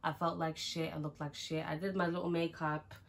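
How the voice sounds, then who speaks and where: A woman's voice: deep voice, level tone, a little fast, gravelly. A young woman, chatting frankly through a casual storytime, with lots of "like" and some swearing. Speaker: vlogger.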